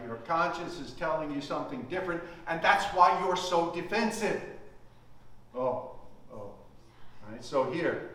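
Echoey preacher man, high voice. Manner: emphatic, slows to stress key words. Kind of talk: sermon. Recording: very echoey, from far off the mic.

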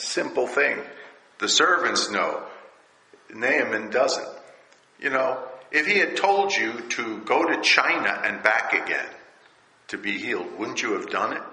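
A man preaching a sermon, reading scripture aloud and explaining it in a slow, drawn-out way, often lifting his voice when he quotes a character. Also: mid-range voice, bright, forceful tone. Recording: roomy hall with long reverb.

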